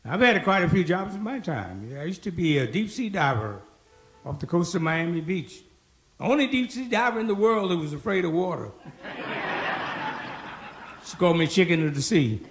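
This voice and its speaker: A man doing stand-up, telling old-school jokes with a gravelly voice and jumping high in pitch for the people in his stories. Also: very animated, moderate pace, pauses often. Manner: old-school punchline delivery, jumps up in pitch for quoted characters. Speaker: stand-up comedian.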